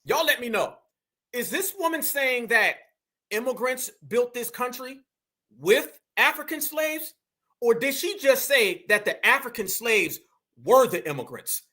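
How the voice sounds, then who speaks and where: A man runs a heated political commentary show, hammering his points and repeating them to his viewers. His voice sits very high for a man. It has a piercing, bright edge. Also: lively intonation, measured pace. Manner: emphatic, repeats points, keeps addressing the audience as fam and y'all. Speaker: commentary channel host.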